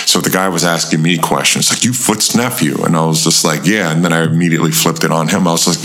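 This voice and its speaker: Low-voiced man telling a street story. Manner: animated storyteller, acts out quoted voices in a higher pitch, swears freely. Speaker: interview guest. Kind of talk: storytelling in a casual interview.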